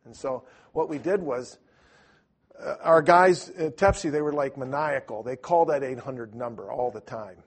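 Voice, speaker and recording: An older man telling a story casually, rambling and animated, with lots of restarts. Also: mid-range voice, moderate pace, breathy edge.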